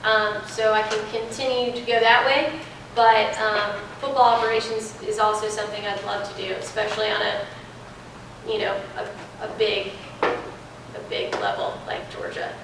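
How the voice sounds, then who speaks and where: A woman's voice: mid-range voice, little pitch movement, normal speed. A young woman, chatting animatedly as a guest speaker in a classroom Q&A, recorded from a distance in an echoey room. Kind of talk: classroom Q&A talk. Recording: echoey room from afar, faint noise.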